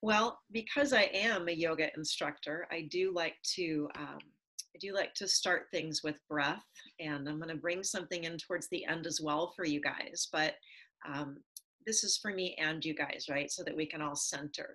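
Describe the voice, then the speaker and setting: A woman yoga instructor talking calmly and steadily, leading a guided breathing exercise. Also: deep voice, normal speed, poor audio.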